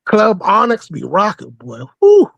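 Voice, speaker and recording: A man's voice: sits high, lively intonation, takes it slowly, no echo, poor audio. A man on a group talk, speaking in a laid-back, drawling way. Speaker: guest. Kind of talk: casual group discussion.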